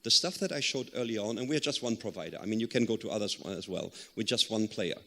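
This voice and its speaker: A man's voice: lowish voice, expressive, fast talker, sharp tone. A man answering as a panelist, telling a story earnestly with some hesitant fillers. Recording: long hall reverb.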